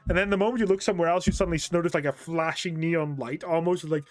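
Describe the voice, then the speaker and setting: A young man narrating as game master, animated, full of fillers and laughter. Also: fairly high pitch, fast talker.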